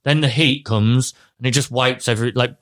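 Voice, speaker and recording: A man co-hosting a podcast, chatty and animated as he recounts a film. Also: medium pitch, normal speed. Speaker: podcast co-host. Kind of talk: casual chat.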